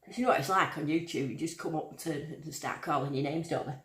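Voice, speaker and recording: A woman's voice: low-pitched, quick pace, a bit bright. Chatty woman in an echoey room. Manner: chatty and bubbly, greeting viewers one by one. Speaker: livestream host. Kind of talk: casual live chat reading out viewer names.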